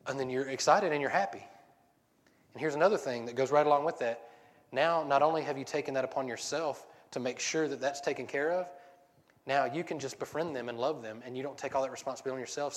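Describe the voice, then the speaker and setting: A man preaching a casual sermon, rambling and joking, often breaking off mid-sentence. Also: medium pitch. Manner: rambling, self-interrupting, joking. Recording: long hall reverb.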